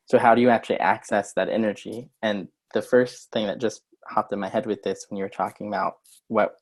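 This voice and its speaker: A man's voice: lowish voice, fairly even intonation, a little fast. Earnest man explaining on a video call. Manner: earnest, acts out short example lines. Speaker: guest coach. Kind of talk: conversational explaining.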